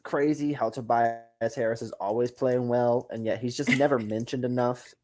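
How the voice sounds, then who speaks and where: A man's voice: medium pitch, fairly even intonation, normal speed, a little mellow. Easygoing man co-hosting sports talk. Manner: easygoing, agreeable, chuckles often. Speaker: podcast co-host. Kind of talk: casual sports chat.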